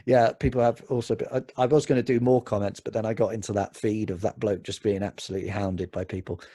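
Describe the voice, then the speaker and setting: A husky man co-hosting a casual chat podcast, often cursing as he reads out internet comments. His voice sits in a middle pitch and comes across dry and close. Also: steady tone, fast talker, warm tone, dry recording. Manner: swearing, reads comments aloud. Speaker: podcast co-host.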